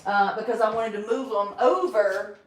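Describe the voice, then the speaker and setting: A woman, chatting casually and animatedly on a livestream, quick to laugh. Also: mid-range voice, fairly even intonation. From North Carolina.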